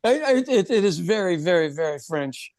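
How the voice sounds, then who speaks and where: A man's voice: on the high side, expressive, brisk, darkish tone, dry recording, clean studio sound. A man from Ireland co-hosting a podcast in casual chat, laughing often and repeating words as he starts. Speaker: podcast co-host.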